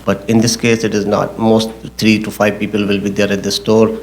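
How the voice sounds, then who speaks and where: A man, the project engineer, presenting his case at a public zoning hearing in a halting, technical way, often repeating himself. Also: fairly low pitch, monotone, slight background noise.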